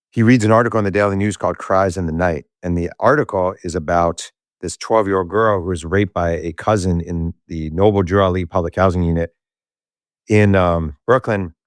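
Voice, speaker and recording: Deep-voiced and recorded dry in a clean studio, this author is a guest on a podcast. During a relaxed interview he spins a story with real animation, performing the voices of each person in it.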